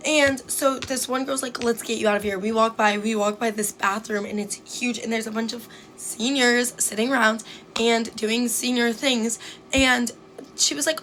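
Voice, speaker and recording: A young adult woman telling an embarrassing story to her viewers in a chatty, fast way, full of "like" and acted-out quotes. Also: a little high, steady tone, fairly bright tone, a little hiss or hum. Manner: chatty, fast, heavy use of "like", acts out quotes. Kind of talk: casual storytime chat.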